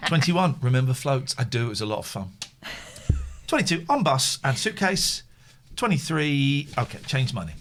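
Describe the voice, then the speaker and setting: Male host, animated pitch, jokey list reading on a live stream. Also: normal speed, pauses often. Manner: lively, jokey, reads a list aloud with asides. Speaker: podcast host. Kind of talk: casual live-stream chat, reading aloud.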